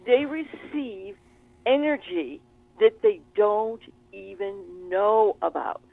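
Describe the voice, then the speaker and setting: A woman guest in an interview, telling stories in an animated, expressive way. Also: mid-range voice, slow, vocal fry, no room sound. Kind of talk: interview conversation. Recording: tinny phone line.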